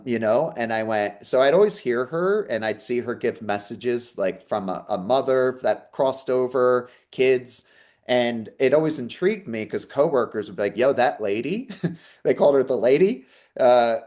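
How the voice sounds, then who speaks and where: Guy giving an earnest heartfelt talk, mid-pitched voice, keeps asking "okay?". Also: darkish tone. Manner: earnest, repeats "okay?" to the audience. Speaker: psychic medium. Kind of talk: inspirational talk with personal story.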